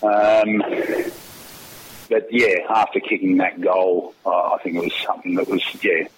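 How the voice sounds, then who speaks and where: In a low, steady, unhurried voice, a middle-aged Australian man who used to play football tells a casual, wandering story with background noise behind him. He laughs often and keeps restarting amid plenty of fillers.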